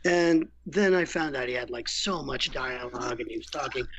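A man guesting as a voice actor, chatting casually and telling candid, animated stories about his work. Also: medium pitch, moderate pace, slightly rough. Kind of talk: casual interview chat. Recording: lo-fi muffled audio.

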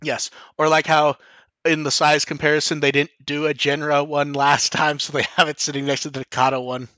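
A male podcast host rambles through relaxed, casual chat at a brisk pace, saying "like" often, restarting sentences, using fillers, and swearing casually. His voice is a little high, bright, and tense, and the recording is dry and close, with no echo or room sound.

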